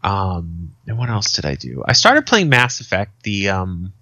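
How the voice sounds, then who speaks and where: Low, bright-voiced storytelling man. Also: wildly swooping pitch, measured pace, no room sound. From Arizona, USA. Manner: swearing, storytelling with acted quotes. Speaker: podcast co-host. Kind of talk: casual chat.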